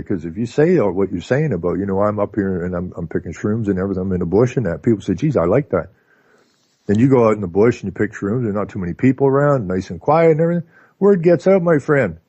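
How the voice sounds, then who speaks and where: A Canadian man talking casually as a radio guest, telling stories in an animated way with lots of filler words. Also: sits low, no echo. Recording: dull lo-fi line.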